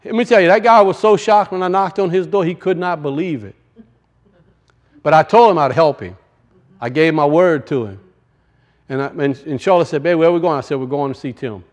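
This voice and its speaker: High-voiced preacher, rising and falling. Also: male voice, a little fast. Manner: rises loud then drops to hushed, storytelling. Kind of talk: sermon with personal story.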